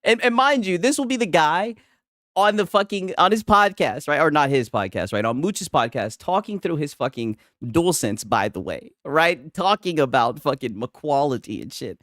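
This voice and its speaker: A young man rants in loose, profane commentary, his pitch bouncing all over and sitting a bit high for a man. He rambles, tacks "right?" onto nearly everything, and the dry, close sound leaves no room around him. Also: lively intonation, moderate pace, fairly bright tone, no room sound. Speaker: streamer. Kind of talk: casual ranting commentary.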